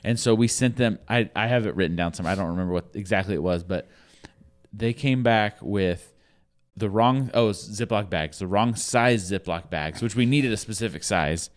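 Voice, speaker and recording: A man's voice: on the low side, normal speed. A man hosting a casual ministry podcast, telling a family story with lots of fillers and restarts. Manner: rambling storyteller with many fillers. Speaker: podcast host. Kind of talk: casual chat.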